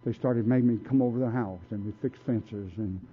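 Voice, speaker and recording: Husky and mid-range, a man speaks a little fast with fairly even intonation as he tells his story at a recovery meeting in a blunt, streetwise style, acting out others' words. The recording is tinny and phone-like.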